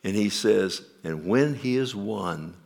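A male pastor, preaching a sermon. He questions the congregation and swings from loud emphasis down to quiet. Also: lowish voice, animated, slow pace, gravelly.

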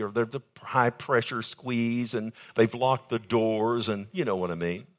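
An older man preaching a sermon as pastor, calling out to his congregation and stretching key phrases slowly for emphasis. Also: lively intonation. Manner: emphatic preaching with sudden high pitch jumps and slowed key phrases; calls out to congregation with "amen" and "loved one".

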